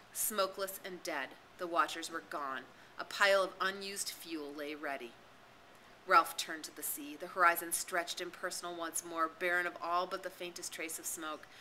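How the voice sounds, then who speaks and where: Bright-voiced woman reading a novel aloud. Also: lowish voice, slight background noise, low-quality recording. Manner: expressive, dramatic reading. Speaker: reader and tutor. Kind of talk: audiobook narration.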